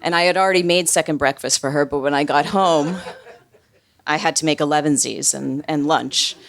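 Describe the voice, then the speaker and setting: A woman with a low voice tells a personal story live on stage. Her delivery is wry and conversational and full of casual fillers, and her timing is built for a laugh. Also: fairly even intonation, moderate pace, vocal fry.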